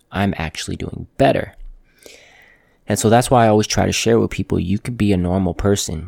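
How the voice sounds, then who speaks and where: A man who works as a tattoo artist, hosting a motivational talk to camera in a calm, earnest, plainspoken way, repeating phrases for emphasis. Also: sits low, gravelly, no room sound, clean studio sound. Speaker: tattoo artist, show host.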